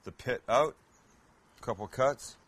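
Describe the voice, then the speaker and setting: A man's voice: mid-range voice, unhurried, fairly bright tone. A man hosting a cooking show, chatting casually and joking with self-mocking asides as he cooks. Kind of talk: casual cooking demo chat.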